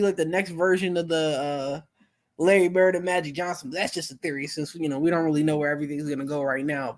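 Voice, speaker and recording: A young man hosting a live stream, chatting casually with viewers in a relaxed, rambling way full of fillers. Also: on the high side. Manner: laid-back, rambling, many fillers.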